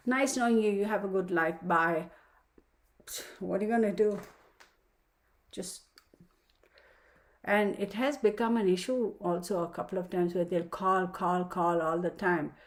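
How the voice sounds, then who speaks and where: A woman giving a casual weekly astrology reading, talking frankly and chattily and slipping into little mock conversations. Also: mid-range voice.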